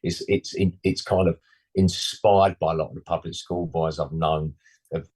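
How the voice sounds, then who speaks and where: A man's voice: deep voice, level tone, moderate pace, a little mellow, slightly rough. A man in his sixties, a musician guest, rambling and blunt in casual interview chat, full of "you know" and slangy asides.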